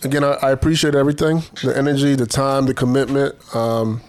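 A man's voice: medium pitch, little pitch movement, fast talker, a little mellow, no room sound. Easygoing podcast co-host man. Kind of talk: casual group chat.

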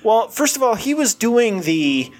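A man's voice: high voice, big pitch swings, measured pace. A middle-aged man co-hosting a podcast, talking in a crude, blunt way and laughing often. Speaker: podcast co-host. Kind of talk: casual chat.

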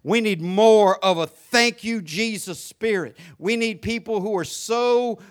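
A male pastor preaching a sermon in church, swinging from soft asides to shouted praise. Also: high-pitched, unhurried, smooth. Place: church sanctuary.

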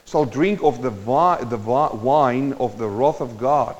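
A male preacher giving a sermon, moving between quiet teaching and loud, impassioned exhortation and speaking straight to his listeners. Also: mid-range voice, unhurried. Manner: addresses the congregation directly. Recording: dull sound with long hall reverb.

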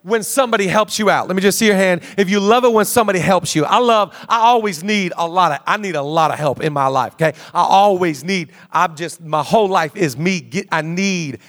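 Male pastor, 30s, higher voice, casual sermon with quick jokey asides. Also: fairly bright tone. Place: large church auditorium.

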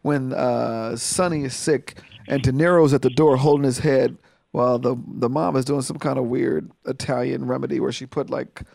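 Brief: wisecracking podcast co-host, gravelly voice, dry close mic. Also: male voice, medium pitch, moderate pace, no echo. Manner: animated storyteller, wisecracking. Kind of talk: casual chat.

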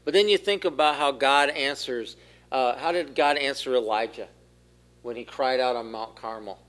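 A man giving a sermon as pastor, asking the congregation questions and growing louder at the key points. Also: mid-range voice, normal speed. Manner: asks the room questions, rises in force for key points. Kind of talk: interactive sermon.

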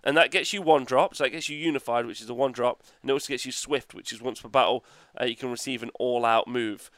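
A man chatting on a podcast with a smooth, clear voice of middling pitch. He rambles with enthusiasm, laughs often and swears casually. The sound is dry and close. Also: steady tone, quick pace, fairly bright tone, no echo. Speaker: podcast co-host. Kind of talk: casual chat.

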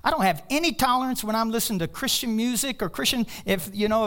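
A man preaching a sermon as pastor, passionate, climbing into loud, high bursts and then dropping to soft, low asides. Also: brisk. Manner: animated storytelling with laughter.

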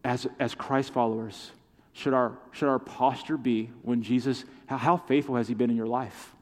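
A man's voice: mid-range voice, fairly even intonation, moderate pace. A man delivers a heartfelt sermon, his voice carrying with a long echo through a large church hall. He preaches with passion, rising and falling as he calls his listeners to answer back. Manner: impassioned preaching with call-and-response. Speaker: pastor. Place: church sanctuary.

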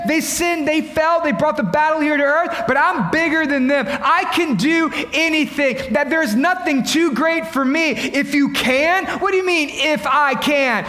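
A man preaching a sermon to his congregation, impassioned and dramatic, acting out quotes and building to shouts. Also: extremely high pitch, reverberant, long reverb tail. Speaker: pastor.

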